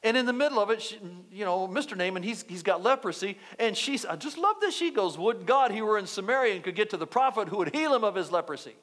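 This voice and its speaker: A male pastor preaching a sermon, telling a story with lively acted-out quotes. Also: high voice, fast talker, few pauses. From United States. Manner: animated storytelling, acting out quotes.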